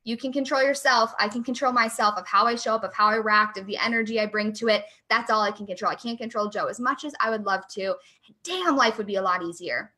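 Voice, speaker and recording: A young adult woman coach talking in a casual, chatty and energetic way, with lots of fillers. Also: medium pitch, quick pace. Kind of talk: casual chat.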